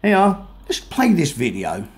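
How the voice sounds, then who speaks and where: A man's voice: a little high, huge pitch swings. Man ranting with heavy swearing. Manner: swears heavily, halting and repetitive. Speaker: vlogger. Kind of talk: angry rant over played videos.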